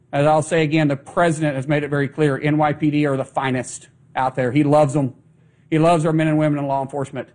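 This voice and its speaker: A man's voice: on the high side, a little mellow. A man making emphatic, insistent remarks as a government spokesman. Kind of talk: press remarks.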